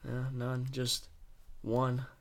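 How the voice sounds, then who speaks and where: A man's voice: mid-range voice, completely flat delivery, drawn-out words, creaky, crowd noise. A man hosting a podcast, trading crude jokes in casual banter with a guest. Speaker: podcast host.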